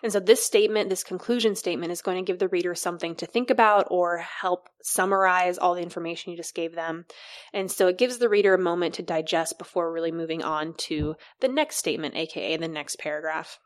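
A woman co-hosting a podcast, explaining writing step by step with examples in a relaxed, conversational way. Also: on the low side, quick pace. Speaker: podcast co-host.

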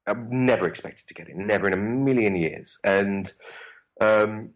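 A man's voice: lowish voice, normal speed, rough recording. A young man with a Cockney accent, an actor chatting as an interview guest, rambling and swearing freely. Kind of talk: casual interview chat.

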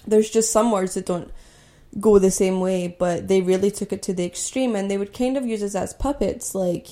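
A woman's voice: medium pitch, fairly even intonation, normal speed, warm tone. A young woman from Scotland hosting a podcast, telling a personal story in a candid, conversational way with lots of "like" and "you know". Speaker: podcast host.

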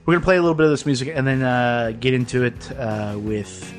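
A man hosting a casual podcast from a basement, his voice sitting at an ordinary pitch. He rambles loosely, swears freely and breaks into laughs. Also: fast, faint music behind. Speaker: podcast host. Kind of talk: casual chat.

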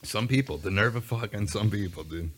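A man's voice: on the low side, a little fast, fairly bright tone, slight background noise. A young man chatting casually as a podcast co-host, telling stories in a laid-back, profane way. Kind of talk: casual chat.

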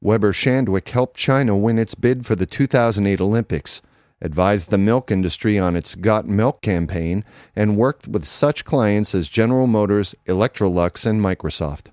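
A man reading a business news feature aloud in a measured, even newsreader manner. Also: on the low side, dry recording, studio quality. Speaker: narrator reading an article. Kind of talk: scripted read-aloud narration.

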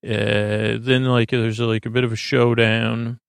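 A man's voice: medium pitch, flat delivery, slow pace, gravelly, smooth, dry recording, clean studio sound. A man hosting a sleep podcast, retelling an episode in a meandering way, full of "uh" and "he goes". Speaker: podcast host. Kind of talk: rambling episode recap for sleep.

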